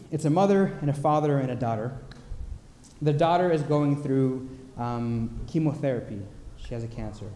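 A male pastor tells a story in a relaxed, conversational way, pausing on fillers as he goes. His voice has a mellow, dark timbre. The sound carries a long reverb from a church hall, with a faint hiss underneath. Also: mid-range voice. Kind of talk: sermon storytelling. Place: church sanctuary.

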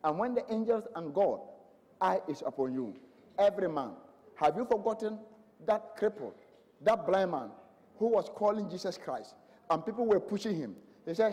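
A man preaching a sermon with passion, swinging between loud proclamations and hushed lines. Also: high voice, animated, normal speed. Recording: long hall reverb.

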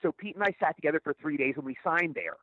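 A middle-aged man, an actor guest, telling stories in an interview in a rapid, stammering way with repeated words. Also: on the high side, a little hiss or hum. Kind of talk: storytelling interview answers. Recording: tinny phone line, dry.

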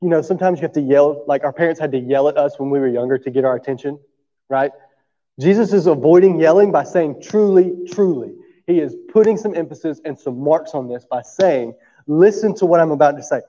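A man's voice: fairly high pitch, brisk, mellow, long reverb tail, dull audio. A man preaching a sermon. He talks to the room in a conversational way, often checks for agreement, and has an allergy cough. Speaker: pastor.

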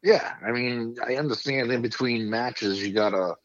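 A man's voice: medium pitch, normal speed, no echo, muffled recording. A man co-hosting a casual podcast chat, replying in a laid-back way. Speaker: podcast co-host.

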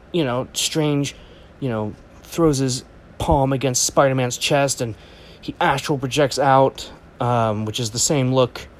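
A man at an ordinary mid pitch talks through a movie trailer in a loose, rambling way. He gets excited, cracks jokes and fills gaps with ums and uhs. A faint ambient hiss sits behind his voice. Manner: rambling and excitable, jokey asides, many fillers. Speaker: host of a comics channel. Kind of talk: casual trailer reaction commentary.

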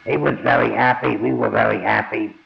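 Recounting his life in the first person, an older man speaks briskly in a medium-pitched, steady, gravelly voice, blunt and plain-spoken with casual swearing. The recording is dull and lo-fi, with a noisy background.

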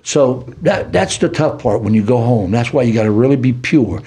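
An older man with a Southern US city accent, telling his life story as a podcast guest in a preacherly, animated way. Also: mid-range voice, normal speed, a little hiss or hum. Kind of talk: storytelling testimony.

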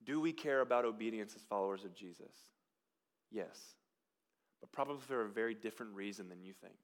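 A man preaching a sermon as pastor, moving between loud, emphatic lines and quiet, hushed ones. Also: lowish voice, fairly quick.

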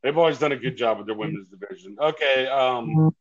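A man co-hosting a podcast through his headphones on a call. He gives calm, measured opinions that sometimes come out in quick bursts. His audio sounds dull and dry, with a lo-fi edge. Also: medium pitch, no echo. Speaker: podcast co-host. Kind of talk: casual podcast chat. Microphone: headphones on an online call.

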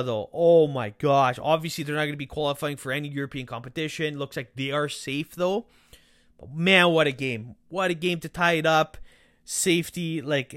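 A young man hosting a casual football podcast, excitable and animated, with loud outbursts and quieter asides. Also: fairly high pitch, dry recording, studio quality. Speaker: podcast host.

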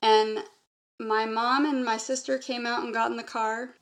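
A woman guest recounting a personal memory in an earnest, halting way, linking thoughts with repeated "and". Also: fairly high pitch, level tone. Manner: earnest, halting, strings sentences with "and". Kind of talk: personal testimony in conversation.

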